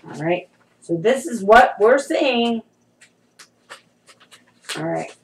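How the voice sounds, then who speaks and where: A woman's voice: medium pitch, expressive, slow, slight background noise, poor audio. A middle-aged woman giving an informal prophetic sermon, talking conversationally and emphatically to her followers, calling them saints.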